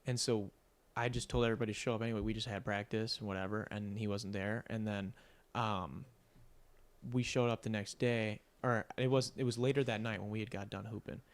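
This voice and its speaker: A young man hosting a podcast speaks briskly in a lowish voice with fairly even intonation. He tells a story in a casual, rambling, profane style, saying "like" constantly.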